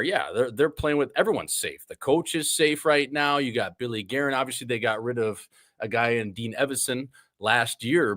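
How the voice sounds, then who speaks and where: A man's voice: mid-range voice, fairly bright tone, no room sound. A man from Wisconsin, hosting a podcast in loose, joking banter. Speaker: podcast host. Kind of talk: casual chat.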